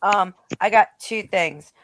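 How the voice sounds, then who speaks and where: A woman's voice: mid-range voice, slow pace, fairly bright tone. A woman speaking bluntly and swearing freely as a panelist in a casual political chat. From Rhode Island.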